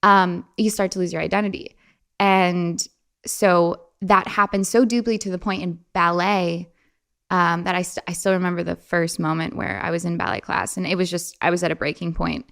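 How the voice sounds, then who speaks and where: Chatty and animated, a young woman speaks casually as an interview guest at a moderate pace, her voice gravelly. She often puts on a playful high voice to quote people.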